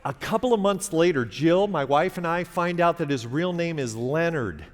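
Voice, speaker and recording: Playing to the crowd from a theater stage, a middle-aged man relates a dry, chatty comic story at a moderate pace in an expressive, somewhat high voice. He's on a stage mic, and the audio has a long reverb tail and slight hiss.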